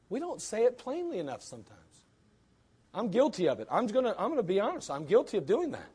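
A man preaching with a bright, high voice that leaps up and down as he drives home his points. He talks bluntly and emphatically. He keeps firing rhetorical questions at his listeners. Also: wildly swooping pitch, brisk, slightly rough. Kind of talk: sermon.

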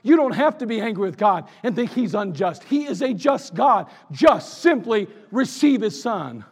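A man preaching a sermon as pastor, with emphatic delivery that swings between loud declarations and hushed asides. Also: high-pitched, very animated, normal speed, slightly rough. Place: church sanctuary. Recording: echoey church sanctuary.

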